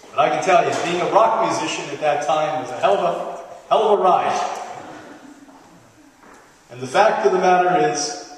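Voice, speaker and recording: A middle-aged man with a voice on the high side gives a live health lecture in a large hall, telling playful stories and joking as he goes. He's taped from a distance in an echoey hall, with background noise.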